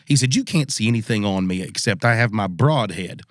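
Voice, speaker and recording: A podcast co-host with a lowish male voice tells a spooky hunting story at a brisk clip, recorded dry in studio quality. He's a relaxed Southern storyteller in a casual mood, slipping into the voices of the people he quotes and acting them out.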